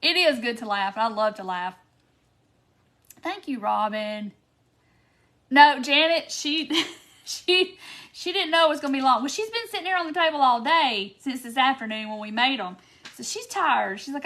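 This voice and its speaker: A woman's voice: sits high, expressive, moderate pace, bright, forceful tone. A woman hosting a live craft tutorial, chatty and laughing often as she reads viewer comments by name. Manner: giggly, keeps breaking into laughter. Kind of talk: casual live-stream chat.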